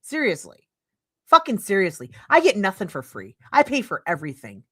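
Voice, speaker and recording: A woman's voice: medium pitch, wildly swooping pitch, moderate pace, husky. A middle-aged woman streaming commentary, reading a text aloud and breaking into heated, profane, sarcastic rants. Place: home streaming setup.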